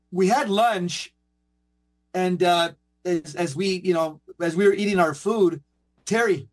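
A man who speaks at Catholic events, telling a story in an earnest, halting way with many restarts. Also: high voice. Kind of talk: storytelling in casual talk.

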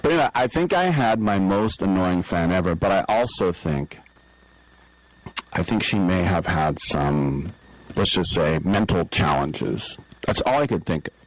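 A man's voice: low-pitched, lively intonation, unhurried, no room sound, poor audio. A middle-aged man hosting sports talk radio, telling a rambling story and acting out the people in it. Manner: rambling storyteller, acts out quoted voices. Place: radio studio. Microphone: studio microphone.

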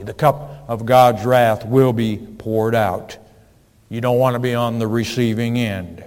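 A man preaching a sermon, reading scripture in old-fashioned wording with emphasis and building to loud warnings. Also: mid-range voice, fairly even intonation. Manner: slow and deliberate, swells louder on scripture and warnings. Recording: long hall reverb.

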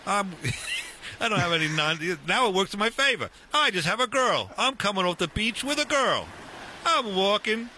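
A man in his fifties casually telling a long story, animated and full of restarts, acting out the dialogue. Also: high-pitched, moderate pace, a little hiss or hum.

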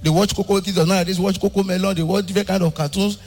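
A young adult Nigerian man from Ibadan performing stand-up comedy, animated, swinging between shouting and a sing-song delivery. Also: sits high, racing, long reverb tail.

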